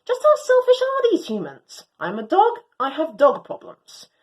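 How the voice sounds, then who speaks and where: A woman reading a storybook as an excitable, proud young female Doberman, speaking theatrically in grand old-fashioned phrases. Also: very high voice, moderate pace, exaggerated voice, low-quality recording. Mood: dramatic.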